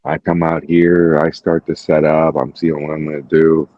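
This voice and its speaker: A man's voice: rumbling low, moderate pace, no echo, lo-fi sound. A man hosting a podcast, chatting casually and telling a story with lots of swearing. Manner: animated storytelling, acting out quotes, frequent swearing. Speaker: podcast host. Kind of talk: casual chat.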